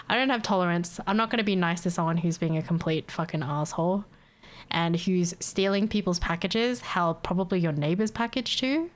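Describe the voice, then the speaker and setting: A woman's voice: fairly low pitch, moderate pace. A young adult woman, ranting bluntly and swearing freely as she chats casually on a livestream. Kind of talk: casual stream chat.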